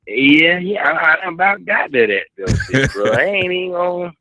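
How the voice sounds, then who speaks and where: A man's voice: on the high side, animated, moderate pace, sharp tone, dry recording. A man calling into a radio show, easygoing and agreeable, laughing along with the host. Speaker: caller. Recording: muffled phone line.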